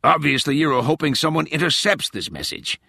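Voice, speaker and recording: A stern female presidential advisor with a raspy, cold voice, read in an audiobook by a man doing her. She scolds in a clipped, icy way, with a lively rise and fall to her voice. It is a bright, forward sound in a dry, close booth. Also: a little high, normal speed, no echo, pitched above the performer's own voice, full character voice.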